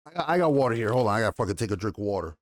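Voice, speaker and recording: A man's voice: lowish voice, sing-song, very fast. A man ranting in an exasperated tone as he reviews a TV episode, swearing often and restarting his sentences. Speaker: YouTube TV show reviewer.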